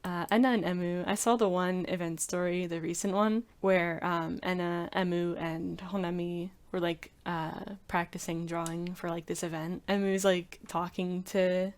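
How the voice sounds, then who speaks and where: Woman chatting away casually, lots of like and um, voice sits a bit low. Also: level tone, moderate pace, few pauses, smooth. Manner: rambling, heavy use of "like" fillers. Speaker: video creator. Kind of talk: casual rambling commentary.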